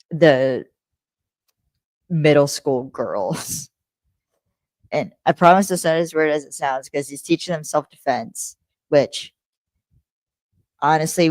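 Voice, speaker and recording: Her voice low-pitched and a little mellow, with no echo, this young adult podcast host gives a loose, rambling episode recap. She curses freely and keeps correcting herself along the way.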